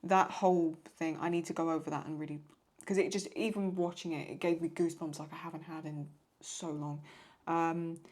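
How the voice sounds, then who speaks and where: A woman's voice: low voice, steady tone, fairly quick, a little mellow. A woman chatting casually as a video host, rambling through viewer questions and often stopping to apologize or paraphrase. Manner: rambling, paraphrasing lines, apologizes for getting stuck. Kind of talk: casual chat.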